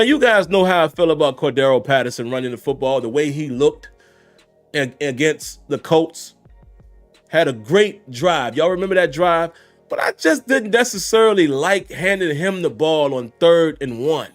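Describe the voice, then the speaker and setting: A man giving casual, conversational reactions to a football game, talking straight to his viewers. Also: fairly high pitch. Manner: conversational, addresses viewers as y'all and guys. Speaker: sports commentator host.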